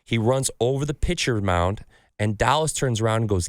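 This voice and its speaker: Chatting about sports cards on his podcast, a man with a mid-range voice tells lively stories, swears plenty and voices the people he quotes. He speaks at normal speed, and the studio sound is clean with no echo.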